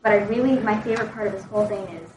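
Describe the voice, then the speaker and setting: A woman's voice: mid-range voice, racing, reverberant, noisy background. A woman student speaking up enthusiastically in a class discussion.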